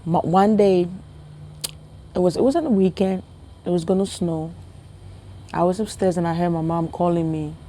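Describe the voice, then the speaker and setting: A woman's voice: fairly low pitch, normal speed, pauses often, mellow, a little hiss or hum. A woman from Ghana with a Ghanaian accent tells a story in a casual vlog, talking straight to her viewers and asking them questions. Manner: chatty, talks straight to viewers with rhetorical questions. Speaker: vlogger.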